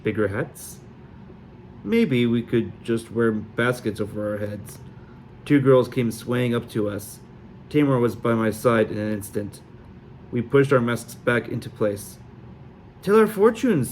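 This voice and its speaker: A man narrating a novel aloud in a steady reading voice with occasional small slips. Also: lowish voice, a little hiss or hum. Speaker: audiobook reader. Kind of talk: amateur audiobook narration.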